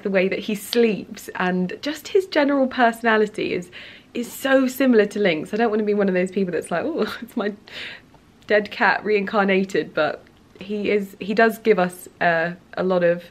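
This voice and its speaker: A woman's voice: fairly low pitch, distant mic. A young woman vlogging casually at home into a handheld camera, bubbly and rambling. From England. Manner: bubbly and rambling, with fillers and self-corrections. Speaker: lifestyle vlogger. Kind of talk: casual chatty vlog monologue. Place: indoors at home, mid-packing. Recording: echoey room, voice a little off-mic.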